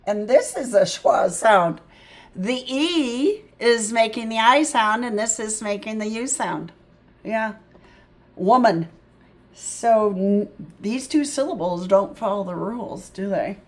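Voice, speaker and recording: A woman tutor teaching a phonics lesson, sounding out words slowly and thinking aloud in a chatty way. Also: fairly high pitch. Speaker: reading tutor.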